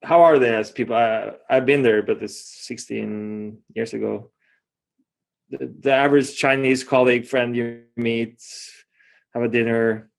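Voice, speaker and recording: A man's voice: mid-range voice, fairly even intonation, a little slow, gravelly. A man hosting a podcast, asking questions hesitantly while he searches for his words. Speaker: podcast host.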